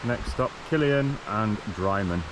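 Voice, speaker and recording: A man's voice: fairly low pitch, lively intonation, a little slow, noisy background. A man chatting casually as he walks an outdoor trail, easygoing, with frequent ums and restarts. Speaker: vlogger walking a long-distance trail. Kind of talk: casual walking vlog commentary.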